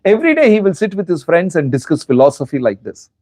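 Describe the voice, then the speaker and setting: A man's voice: on the high side, huge pitch swings, fast talker, a little mellow, dry recording. A man with an Indian accent gives a spiritual lecture, telling stories with animation and asking his listeners rhetorical questions. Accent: Indian English. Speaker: spiritual teacher.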